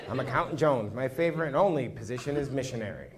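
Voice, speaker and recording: Working a small comedy club with a handheld mic, this man delivers a brash, profane stand-up set full of crowd work, teasing the audience. His mid-range voice is animated and fairly quick. The live club is noisy, with a loud crowd and audience laughter in the background.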